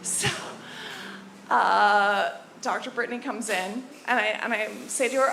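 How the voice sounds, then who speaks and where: Bright-voiced woman doing stand-up. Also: on the high side, steady tone, a little slow, vocal fry. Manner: chatty, conversational storytelling with crowd work. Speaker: stand-up comic. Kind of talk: stand-up comedy set. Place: comedy club in Hawaii. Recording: echoey club room with faint noise.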